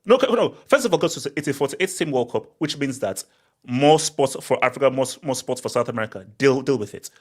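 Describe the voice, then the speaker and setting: A man leads a casual football talk show in an animated, teasing way, repeating words as he jumps in on his co-hosts. His voice sits at an ordinary middle pitch. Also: fast talker, slightly rough.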